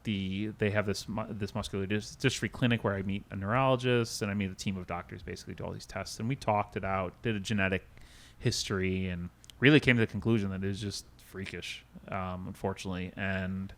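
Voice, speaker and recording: A man's voice: deep voice, fairly even intonation, quick pace, fairly bright tone. A man in his thirties, a podcast guest, telling an emotional personal story in a candid, rambling way with many restarts and quoted dialogue. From United States. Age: 30s.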